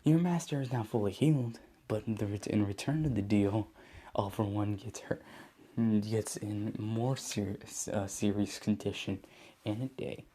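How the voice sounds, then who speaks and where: A man's voice: fairly low pitch, a little slow, dark tone. A man voicing a smug teenage boy with demonic deal-making powers, speaking in a taunting, mocking way. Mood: scheming.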